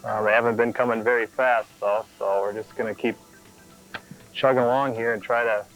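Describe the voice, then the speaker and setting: Halting male angler's update. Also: mid-range voice, fairly even intonation, a bit bright, soft background music, poor audio. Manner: halting, with many fillers. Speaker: tournament angler. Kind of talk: casual fishing update.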